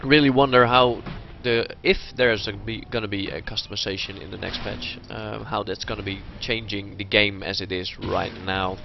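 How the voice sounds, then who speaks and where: A man hosting an esports cast and wrapping it up in a relaxed way, pausing with many fillers. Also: on the low side, gravelly, muffled recording, a little hiss or hum. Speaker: esports caster hosting the broadcast. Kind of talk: closing remarks of a game cast.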